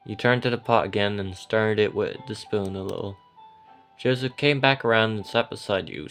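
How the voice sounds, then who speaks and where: A man giving soft, gentle and unhurried second-person story narration. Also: fairly low pitch.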